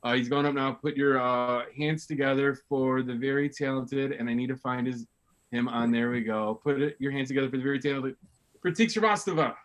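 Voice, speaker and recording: A man hosts an online comedy open mic over a video call, his voice at a middle pitch. He chats loosely and laughs through his stories before introducing the next act. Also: brisk, a little hiss or hum. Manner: chatty, laughing storyteller who introduces acts.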